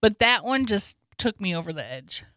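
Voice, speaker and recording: A woman's voice: medium pitch, very animated, normal speed, bright, forceful tone, no echo. A woman co-hosting a comedy podcast, chatting earnestly and emotionally, close to tears. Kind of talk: casual comedic chat.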